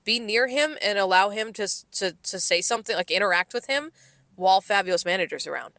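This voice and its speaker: A woman's voice: medium pitch, quick pace, no echo. A woman co-hosting a podcast, telling a work story in casual chat and swearing freely. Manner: animated storytelling with frequent swearing. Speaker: podcast co-host.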